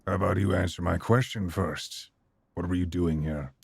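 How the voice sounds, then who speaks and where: A man's voice: low-pitched, fairly even intonation, moderate pace, vocal fry, darkish tone, slight background noise. A man voicing a blunt, wary male police detective in a game read-through. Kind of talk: voicing game characters aloud.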